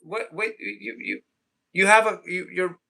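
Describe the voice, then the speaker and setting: Very bright-voiced rambling male streamer. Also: sits high, very animated, measured pace, gravelly. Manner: rambling, joking, repeats himself. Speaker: livestream host. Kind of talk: casual group call chat.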